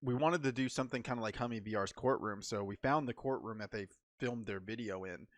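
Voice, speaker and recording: A young man in casual podcast chat with a dry, close sound. He tells stories with animated energy and acts out the lines of people he met. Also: fairly low pitch, a little fast, no echo. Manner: animated storytelling, acting out quotes. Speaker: podcast co-host.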